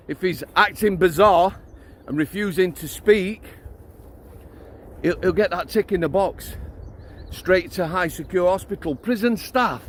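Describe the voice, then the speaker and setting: Middle-aged man, blunt ranting vlog, fairly high voice, walking outdoors with faint background noise. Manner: blunt, ranting, calls out to his dog mid-talk. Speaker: former prison officer vlogger.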